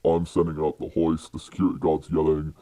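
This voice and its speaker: A young man with a British accent and an extremely deep voice tells a story on a podcast. His tone is dark and mellow, and his telling rambles along with many fillers and restarts. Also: monotone, brisk, dry recording. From United Kingdom. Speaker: podcast guest. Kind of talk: casual storytelling.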